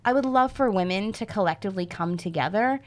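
A woman's voice: medium pitch, animated, fast, a little hiss or hum. A woman in her thirties talks casually as a podcast guest. She tells a story with plenty of life and slips into the voices of the people she quotes. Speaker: podcast guest, fitness coach.

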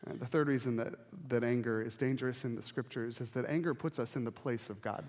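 A man preaching a sermon as pastor, talking in a conversational, animated way and acting out little quotes. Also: mid-range voice, brisk, in a large hall.

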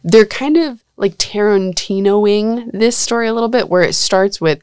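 A woman's voice: medium pitch, steady tone, normal speed, hardly any pauses, clean tone, no room sound, clean studio sound. A woman hosting a podcast in casual chat, chatty and blunt, with a sarcastic edge and frequent laughter. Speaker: podcast host.

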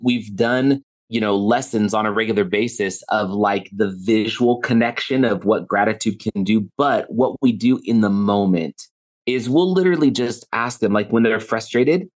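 A middle-aged man, a guest on a podcast, talking earnestly and telling stories with lively quoted dialogue. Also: lowish voice. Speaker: podcast guest, author and speaker. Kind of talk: conversational interview.

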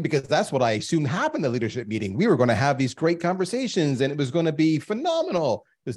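He's a fast-talking man in his fifties with a mid-range voice, guesting on a podcast. His stories come out emphatic and lively, aimed directly at the listeners.

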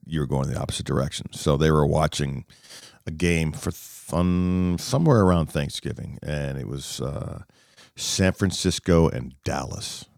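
A man from Washington, D.C., a sports media guest, telling animated anecdotes and acting out what other people said. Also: a bass voice, vocal fry, no room sound, studio quality. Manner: lively storyteller, acts out other people's lines.

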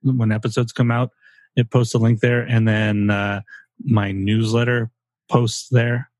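A man's voice: medium pitch, level tone, a little slow, a little mellow, no room sound. A man co-hosting a casual podcast, rambling and joking with the odd swear word. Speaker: podcast co-host. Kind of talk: casual chat.

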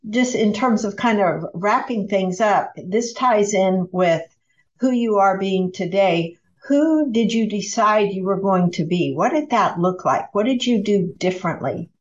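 A woman's voice: mid-range voice, animated, unhurried. A woman hosting a podcast interview, reflecting on her guest's story and asking several follow-up questions. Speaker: podcast host. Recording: dull lo-fi audio.

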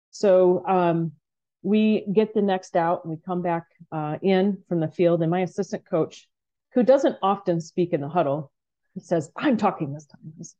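A woman coach telling a podcast story with a lowish, mellow voice. She acts out quotes from the game in lively bursts. The sound is a bit dull and lo-fi. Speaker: softball coach.

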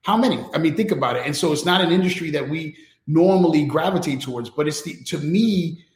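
A man with a fairly high voice speaks openly and with energy, restarting his sentences and tagging them with quick asides. The sound carries a noticeable room echo. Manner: candid, animated, many restarts and "right?" tags. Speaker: guest, enterprise technology strategist. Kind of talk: casual conversational interview.

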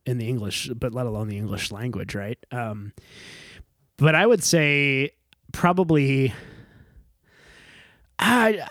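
Man from Chicago, mid-pitched, casual rambling talk, bone-dry close mic. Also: fairly bright tone, no echo. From Chicago area. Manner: rambling, many restarts and fillers, drops his voice at phrase ends. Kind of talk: casual chat.

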